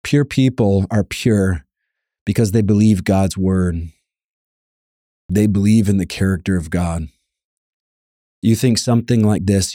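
A man's voice: low voice, fairly even intonation, a little slow, warm tone, dry recording, clean studio sound. A man preaching a sermon, earnest and emphatic, repeating key lines and reading scripture aloud.

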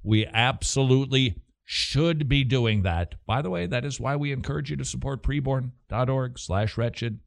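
A man's voice: medium pitch, moderate pace, vocal fry, hardly any pauses. A man hosting a talk radio show, answering listener questions emphatically and using plenty of rhetorical questions.

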